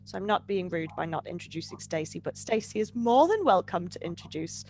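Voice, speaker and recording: A woman's voice: fairly low pitch, expressive, brisk, darkish tone, a little hiss or hum. A woman teaching an online English class on a video call, upbeat and teasing.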